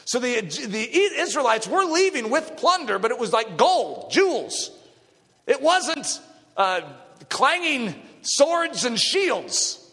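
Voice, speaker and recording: A middle-aged man preaching a dramatic sermon, dropping low and quiet and then rising to shouts. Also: sing-song, takes it slowly, in a large hall. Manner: dramatic, swings between hushed and shouting.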